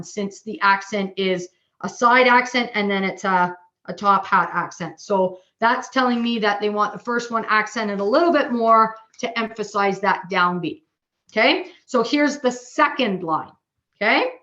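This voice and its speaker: A woman giving a bass drum seminar. She explains patiently, counts rhythms aloud and checks in with "okay?". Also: a bit bright, muffled recording.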